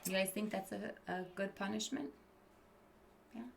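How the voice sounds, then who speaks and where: A woman's voice: medium pitch, steady tone, measured pace, vocal fry, background noise. A woman teacher reading a picture book aloud to children. She stops to explain words, asks the kids questions and drops into whispered asides.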